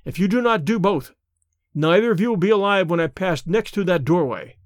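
A man's voice: lively intonation, dry recording, studio quality. A man as a grave jungle-raised hero. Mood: menacing. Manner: low, measured, threatening.

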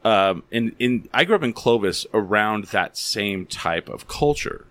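A man's voice: lowish voice, animated, unhurried, a bit bright, no room sound. A man from eastern New Mexico hosting a podcast, talking in a rambling, profane, casual way. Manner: profane, rambling, restarts often. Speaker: podcast host.

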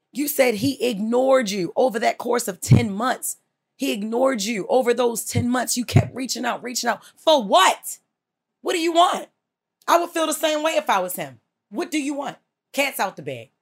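A woman's voice: fairly high pitch, creaky. Heated woman host scolding a listener. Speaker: podcast host. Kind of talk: blunt advice rant.

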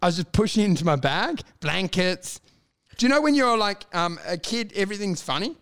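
A man's voice: high voice, big pitch swings, brisk, a bit bright. A young man co-hosting a comedy podcast, telling rambling, profane stories and laughing through them. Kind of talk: casual comedic chat.

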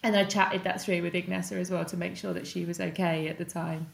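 Woman, actress, casual interview, thinking aloud, lowish voice, roomy sound. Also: little pitch movement, fairly quick, creaky.

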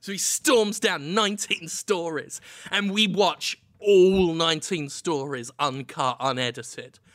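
A man's voice: fairly high pitch, takes it slowly, fairly bright tone, dry recording. A man narrating an absurd improvised comedy story on a podcast.

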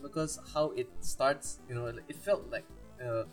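A man's voice: mid-range voice, unhurried, soft background music. A man from India co-hosting a podcast, chatting casually about films, laughing often and acting out quotes. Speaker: podcast co-host. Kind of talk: casual film chat.

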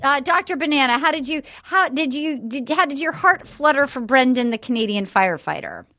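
A woman's voice: sits high, expressive, fairly quick, bright, forceful tone. A woman hosting a casual podcast chat, giggly and full of fillers as she recaps episodes. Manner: chatty, giggly, lots of fillers. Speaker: podcast host.

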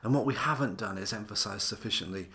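A man's voice: on the low side, fast, bright, forceful tone. A man speaking as a minister and interview guest, earnest and thoughtful, often restarting phrases as he thinks. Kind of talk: reflective podcast interview.

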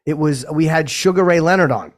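A man co-hosting a casual podcast, easygoing and a bit hesitant as he talks. His voice sits a little high for a man. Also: brisk. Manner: easygoing, hesitant, many fillers. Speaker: podcast co-host. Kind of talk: casual chat.

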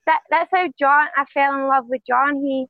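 A woman with a Scottish accent, a professional fighter answering interview questions in a quiet, soft-spoken way. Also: high-pitched, fairly even intonation, normal speed, no echo, narrow, tinny audio. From Scotland.

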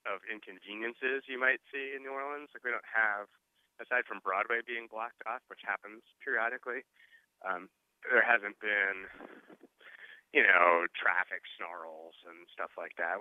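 A deep-voiced man talks over a thin, phone-like line as a radio guest. His speech is dry and close, loose and rambling, with many fillers and restarts. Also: dry recording. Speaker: finance reporter, phone guest. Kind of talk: casual radio interview. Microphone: phone call.

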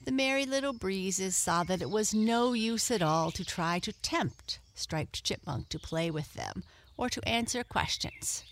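Slow, expressive woman reading a story. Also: mid-range voice, slight background noise. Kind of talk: children's story read-aloud.

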